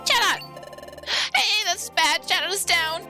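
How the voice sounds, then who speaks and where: A woman voicing an eager young Pokemon explorer partner in a game playthrough read aloud, with excited exclamations. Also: moderate pace, over music. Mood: alarmed. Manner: excited, worried exclamations, higher and louder. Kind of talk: live-streamed game playthrough, reading dialogue aloud.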